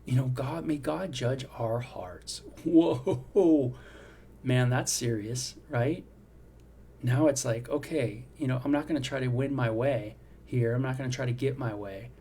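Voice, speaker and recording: Middle-aged male devotional host, mellow and warm, chatty and reflective, faint background ambience. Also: medium pitch, normal speed, a little hiss or hum. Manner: conversational, reflective, frequent "you know" and "right?". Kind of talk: devotional Bible teaching.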